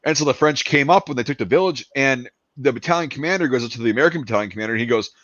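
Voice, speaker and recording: A man rattles off a story in casual chat, full of asides and lively put-on quotes. His voice sits at a middling pitch. The recording is dry and somewhat muffled. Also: rapid-fire, no room sound. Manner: excited storyteller, acts out quoted soldiers, swears. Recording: dull lo-fi dry sound.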